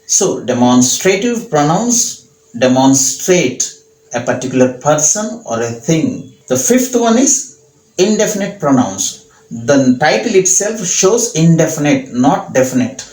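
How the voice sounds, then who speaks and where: A man with an Indian English accent teaching a grammar lesson slowly, repeating each example sentence. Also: medium pitch, darkish tone. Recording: echoey room.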